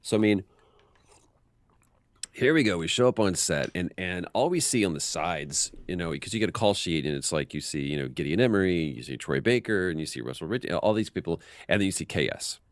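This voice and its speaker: A man as an interview guest, telling animated behind-the-scenes stories and acting out quotes with frequent restarts. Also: sits low, brisk, no room sound. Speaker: voice actor guest. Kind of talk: casual interview storytelling.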